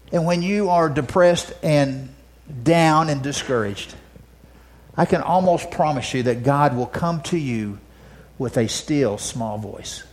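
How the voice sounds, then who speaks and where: In a slightly high voice, a male pastor delivers a sermon that alternates between emphatic, loud statements and hushed, soft asides, with frequent word repetitions when he restarts a phrase.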